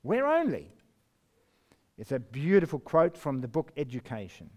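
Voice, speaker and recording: A man preaching a sermon, reading scripture slowly and emphatically, with sudden rises and drops in his voice. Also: medium pitch, huge pitch swings, darkish tone. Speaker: pastor.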